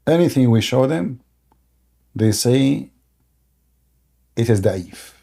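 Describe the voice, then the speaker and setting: A man hosting a live debate stream, hammering at callers with insults and interruptions. His voice is dark and mellow at a middling pitch, and his speech stumbles with repeated words and restarts. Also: animated, slow pace, creaky. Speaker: debate show host.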